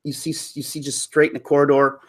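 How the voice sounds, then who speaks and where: A man's voice: fairly high pitch, monotone, fairly quick. A man on a live stream, telling a personal story to his viewers in a candid, rambling way with frequent restarts. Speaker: YouTube commentator.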